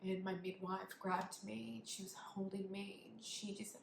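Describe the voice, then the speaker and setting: A young woman speaking in a middle-pitched voice, telling a raw personal story in a halting, emotional way. Her words trail into near-whispers, filled with little fillers. The room sounds echoey, with a faint hum of noise underneath. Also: fairly even intonation, creaky. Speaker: vlogger.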